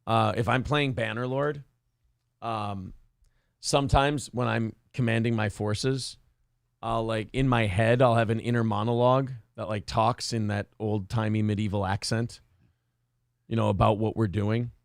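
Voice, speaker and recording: Gravelly-voiced man hosting crude chat. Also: fairly low pitch, steady tone, unhurried, no echo, clean studio sound. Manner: crude, joking, self-mocking. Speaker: morning show host reading live chat. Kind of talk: casual profane chat.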